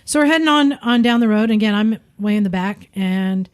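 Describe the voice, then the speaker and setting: A woman's voice: medium pitch, brisk. A woman co-hosting a podcast, telling a ride story in casual chat and acting out the people in it. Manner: animated storyteller, acts out quoted voices. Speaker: podcast co-host.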